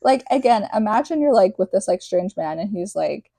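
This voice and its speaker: A young woman talks through a book chapter in a loose, rambling podcast style, full of filler words and tangents. Her voice is mellow and soft-edged, and the recording is dry and close with little room sound. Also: mid-range voice, brisk, few pauses, dry recording. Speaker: podcast host. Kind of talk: casual book recap podcast.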